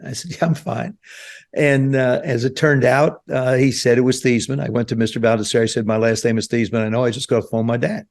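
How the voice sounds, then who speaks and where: A man in his seventies from New Jersey, a guest telling stories in an animated way on a podcast. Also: medium pitch, brisk, gravelly. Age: 70s. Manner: animated storyteller, acts out quoted voices. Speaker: guest, former quarterback. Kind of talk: storytelling interview. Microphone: podcast studio mic.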